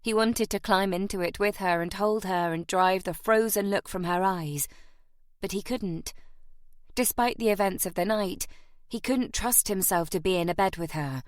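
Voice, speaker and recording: A woman audiobook narrator reads a romance novel from a script, measured and even in her storytelling. Her medium-pitched voice comes through dry and clean in studio sound.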